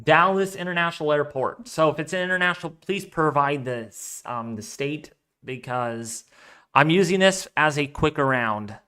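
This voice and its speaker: A man's voice: a little high, normal speed, bright, forceful tone, clear, resonant tone. A man hosting a weather live stream, chatting casually and rambling as he thinks aloud while reading out viewer donations. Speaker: weather livestream host.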